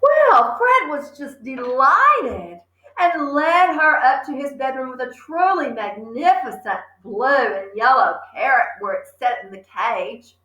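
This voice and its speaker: Lively woman reading a children's story. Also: sits high, measured pace, echoey room, highs cut off. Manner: animated, chatty asides. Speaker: teacher reading aloud. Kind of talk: children's story read-aloud.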